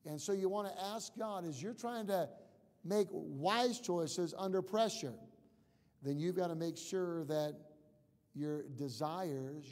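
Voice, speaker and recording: A male pastor preaching a sermon in earnest, repeating key words and dropping quiet and low when he voices prayers. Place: church sanctuary. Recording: long reverb of a church hall.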